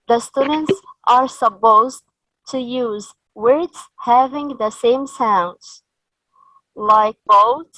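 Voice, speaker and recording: A woman from Egypt leads a training session for teachers, speaking slowly with a somewhat high voice. She spells out each point and models words and rising or falling intonation for her listeners. The sound is close and dry. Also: bright, forceful tone, dry recording, poor audio. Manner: slow, explanatory, models sounds and tones.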